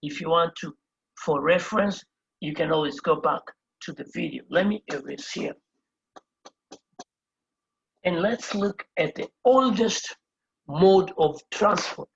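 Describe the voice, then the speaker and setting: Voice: mid-range voice, moderate pace, creaky, husky, lo-fi sound. A Spanish teacher giving a whiteboard lesson, patiently spelling out each word letter by letter and repeating every term. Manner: patient, explains step by step. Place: indoors at a whiteboard.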